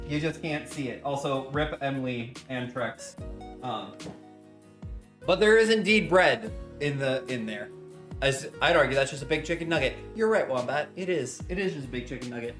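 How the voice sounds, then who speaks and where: A man's voice: mid-range voice, expressive, moderate pace, long pauses, fairly bright tone, faint music behind. A young man streaming casually from his home kitchen while he bakes, rambling cheerfully and greeting his chat with strings of hellos.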